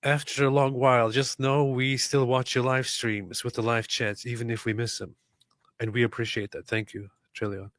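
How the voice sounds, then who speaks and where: Man, livestream co-host, sarcastic, dry close sound, middle pitch. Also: level tone, moderate pace, a bit bright, no room sound. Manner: sarcastic, dry, reads chat messages aloud. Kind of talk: casual livestream chat reading super chats.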